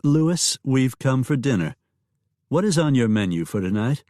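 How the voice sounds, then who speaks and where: A man voicing a refined young wife on the frontier, soft and polite, in an audiobook. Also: medium pitch, very animated, unhurried, no echo, clean studio sound, pitched above the performer's own voice. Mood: gracious.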